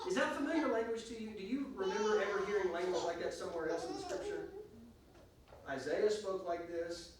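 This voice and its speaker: A man's voice: high-pitched, sing-song, fairly quick, slight background noise. A man teaching a church Bible class, emphatic and stopping often to restart or to ask the class questions. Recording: echoey room, recorded from a distance.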